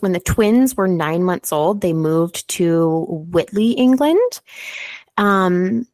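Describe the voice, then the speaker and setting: A woman co-hosting a podcast, telling a story in a casual, sweary, animated way. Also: medium pitch, no echo. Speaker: podcast co-host.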